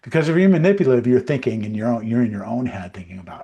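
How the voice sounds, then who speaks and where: A man's voice: mid-range voice, animated, quick pace, creaky, mellow. A man co-hosting a livestream podcast, chatting casually and rambling with many fillers and restarts. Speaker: co-host.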